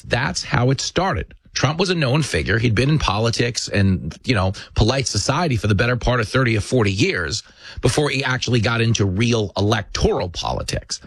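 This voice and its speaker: A man hosting a show, delivering a fast, sarcastic, impassioned monologue of commentary and storytelling. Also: lowish voice, no echo. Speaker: political commentary host.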